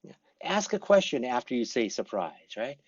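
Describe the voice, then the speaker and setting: A man teaching English conversation to a class, acting out sample responses with lively changes of voice. He has lived in Korea for many years. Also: mid-range voice, moderate pace, husky, muffled recording. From English-speaking foreigner living in Korea. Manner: lively, acts out example responses. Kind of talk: classroom lecture.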